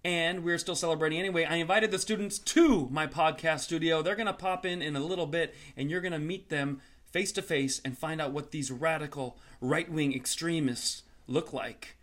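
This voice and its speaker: A comedian hosting his own show, delivering an energetic intro and promo with a hyped, salesy manner and sarcastic asides. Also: fairly high pitch, moderate pace, hardly any pauses.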